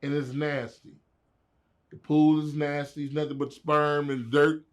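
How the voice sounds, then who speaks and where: A man's voice: on the high side, level tone, unhurried. A middle-aged man telling wild stories as a guest in a casual interview, laughing and acting out the voices of people he quotes.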